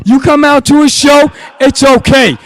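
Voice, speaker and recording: A man with an unusually high voice gives rowdy, cursing thanks in hyped-up live banter. He is outside a music venue, and his voice sounds dry and close with no room echo. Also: steady tone, normal speed. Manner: rowdy, profane, shouting thanks.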